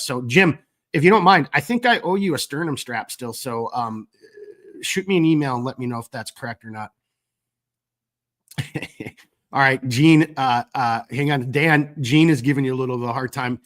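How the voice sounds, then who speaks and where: A man's voice: mid-range voice, a bit bright. A man with a cold hosting a live stream, reading viewer comments in a rambling, casual way with frequent fillers and some cursing. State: fighting a cold. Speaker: gear company owner hosting a live stream.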